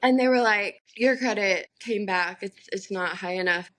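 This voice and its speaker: A woman's voice: mid-range voice, moderate pace, fairly bright tone. A young woman co-hosting a casual podcast, telling a story in a heated way, full of swearing. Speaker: podcast co-host.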